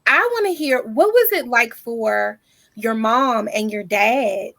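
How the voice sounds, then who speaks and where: A woman's voice: a little high, animated, slow, fairly bright tone. A woman co-hosting a casual interview who questions the guest in a familiar, friendly way. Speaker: co-host.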